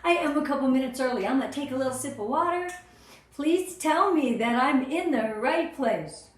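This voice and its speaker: Bubbly high-voiced woman in an echoey room. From Southern California. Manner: bubbly, emotional, greets viewers by name. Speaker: sales team director. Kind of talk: live-stream training talk.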